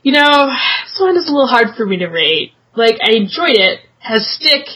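A woman guest on a podcast in casual chat, relaxed and hesitant with fillers. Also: on the high side, normal speed, husky, poor audio.

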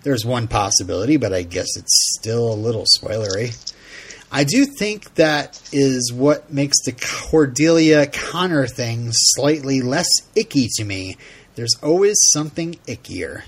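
A man's voice: mid-range voice, slightly rough. A man hosting a casual podcast chat, laughing often and reading out listener feedback. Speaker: podcast host.

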